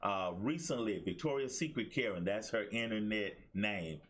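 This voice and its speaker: A man with a fairly low voice hosts a casual commentary show. He talks conversationally, with "uh" fillers and repeated points. His manner is relaxed and direct. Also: moderate pace. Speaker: host.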